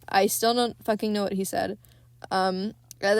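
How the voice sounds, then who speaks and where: A woman's voice: a little high, fairly even intonation, moderate pace, no echo. A young woman hosting a podcast, recapping a horror film in a loose, rambling way with plenty of fillers and swearing. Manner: rambling, lots of likes and ums, swears. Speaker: podcast host.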